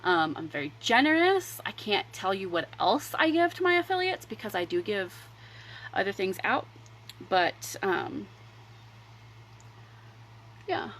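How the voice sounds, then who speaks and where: A woman hosting a casual makeup livestream, rambling chattily between applying mascara and pitching her products. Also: very animated, unhurried, pauses often, fairly bright tone, a little hiss or hum, rough recording. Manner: chatty and rambling, drifting between demo and sales talk. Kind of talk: casual makeup tutorial chat.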